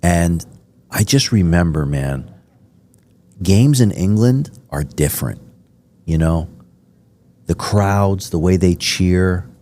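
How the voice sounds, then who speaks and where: A man's voice: low-pitched, expressive, takes it slowly, pauses often, mellow. A man from Miami hosting a podcast interview, telling rambling, enthusiastic stories with many fillers. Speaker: podcast host. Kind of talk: casual interview chat.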